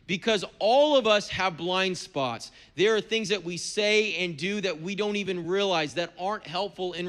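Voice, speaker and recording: A man's voice: sits high, sharp tone. A middle-aged man, a pastor, preaching a sermon in an earnest, conversational way with touches of humor.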